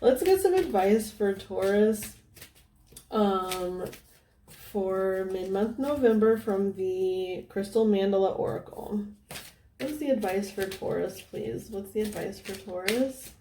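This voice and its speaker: A woman giving a casual tarot reading, thinking out loud with lots of fillers and restarts, often dropping to a soft, near-whispered tone. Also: mid-range voice, slow, a little hiss or hum. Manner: meandering, thinking aloud with many fillers. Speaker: tarot reader.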